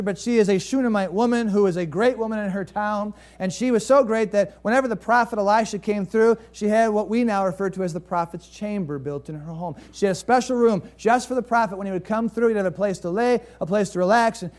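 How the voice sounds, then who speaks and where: Fairly quick and with few pauses, a pastor whose voice sits high delivers a sermon as a story. He poses rhetorical questions to the congregation, shifting between animated rises and hushed, quiet drops.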